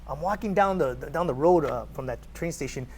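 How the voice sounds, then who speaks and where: A man's voice: a little high, a little fast, a little hiss or hum. A man from California, a podcast guest, telling a story animatedly with many repeated words. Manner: animated, repeats words, acts out quoted dialogue. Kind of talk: conversational storytelling.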